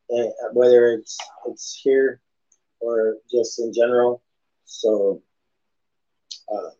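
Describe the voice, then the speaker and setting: A man's voice: medium pitch, a little mellow. A man with a lisp, hosting a podcast in a casual, rambling monologue that is full of restarts and swearing. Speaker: podcast host. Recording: dull lo-fi podcast audio.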